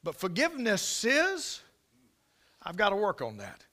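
An American man preaching a King James sermon, emphatic and folksy, repeating phrases and swinging between loud proclaiming and quiet asides. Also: high-pitched, huge pitch swings, normal speed. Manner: folksy, with stumbles and restarts.

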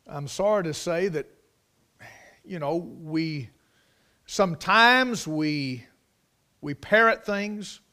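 A man's voice: high-pitched, fairly bright tone. A middle-aged man preaching a sermon in a folksy manner, swelling into emphatic bursts. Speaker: preacher, Bible college teacher.

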